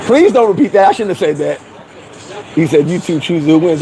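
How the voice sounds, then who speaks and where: A man's voice: a little high, quick pace, warm tone, low-quality recording. Rambling man live-streaming outdoors with street noise. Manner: loose, rambling, swears, laughs at himself. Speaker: vlogger reading live chat. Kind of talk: casual live-stream chat.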